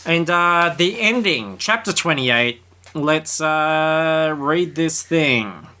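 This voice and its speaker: A man co-hosting a casual podcast, swinging between reading aloud and sarcastic jokes. His voice is bright and lively, jumping around in pitch as he mocks the story. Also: slow pace. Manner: sarcastic, jokey, swearing asides. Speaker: podcast co-host.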